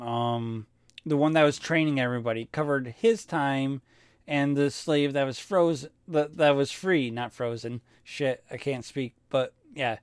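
A man with a smooth, medium-pitched voice co-hosts a podcast, recorded in clean studio quality with no room sound. He chats casually, rambling through stories and swearing freely as he tells them.

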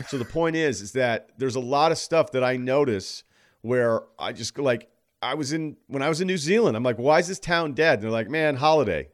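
A man's voice: mid-range voice, animated, moderate pace. A man talking as a podcast guest in casual sports chat, rambling and wry, with a teasing edge.

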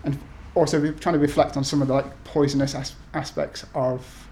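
A man's voice: medium pitch, level tone, normal speed, creaky, darkish tone, a little hiss or hum. A man in his thirties from the UK, an author talking to an event audience with many ums and restarts, then reading his essays aloud. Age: 30s.

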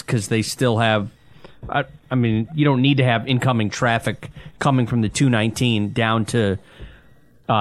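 A man's voice: mid-range voice, fairly bright tone, no room sound. A man, co-hosting a casual sports podcast and teasing his friend bluntly and in disbelief. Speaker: podcast co-host.

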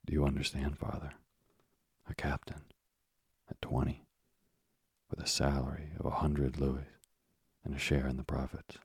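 A man reading the part of an earnest young male sailor, a devoted son, in a soft, slow voice. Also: a bass voice, monotone, slightly rough, no echo, studio quality, full character voice.

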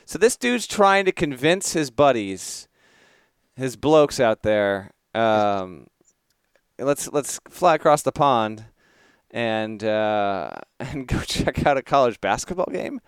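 A playful American man co-hosting a sports podcast, stammering through restarts as he jokes. His voice is smooth and clear, at a middle pitch, close and dry on the mic. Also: lively intonation, slow pace, dry recording. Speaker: podcast co-host. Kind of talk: casual podcast chat.

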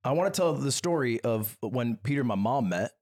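A man's voice: mid-range voice, animated, fairly quick, a little mellow. A young adult man hosting a podcast in casual chat, teasing his guest and laughing often. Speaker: podcast host.

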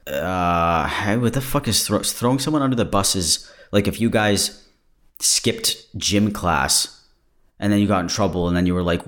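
Man, very low voice, casual podcast monologue, candid, digressive. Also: moderate pace, a bit bright. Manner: candid and digressive, breaks off mid-thought. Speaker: podcast host. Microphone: camera-recorded.

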